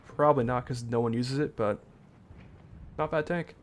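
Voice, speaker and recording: A man's voice: mid-range voice, normal speed, slight background noise. A man giving live commentary on an online tank game match in a casual, rambling way, often correcting himself and trailing off with fillers. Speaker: esports caster.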